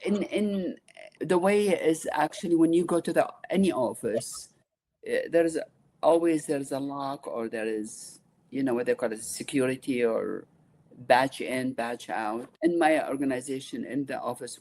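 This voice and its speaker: A woman in her sixties from Iraq with an Iraqi accent, a nonprofit founder speaking earnestly and haltingly as an interview guest. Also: rumbling low, a little mellow. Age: 60s. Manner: halting, earnest, restarts often. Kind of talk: interview conversation.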